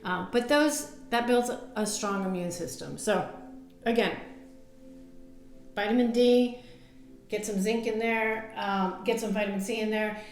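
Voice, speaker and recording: A woman nutrition coach chats to camera about health, loose and talkative, with plenty of ums and self-deprecating laughs. Her voice sits at a middling pitch. The room around her rings with echo. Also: steady tone, measured pace, long pauses. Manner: chatty, many fillers, laughs at herself. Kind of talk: casual on-camera health advice. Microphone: camera mic.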